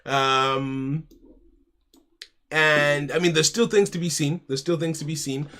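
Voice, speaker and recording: American guy streaming from home, fairly high bright voice, chatty, says mate a lot. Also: fairly even intonation, slow. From United States. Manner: chatty, keeps saying "mate", talks his moves through aloud. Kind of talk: casual live-stream chat and game commentary.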